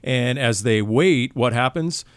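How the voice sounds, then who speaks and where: A man hosting a casual sports podcast, running through a segment with wry, deadpan delivery. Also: mid-range voice, unhurried, dry recording. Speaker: podcast host.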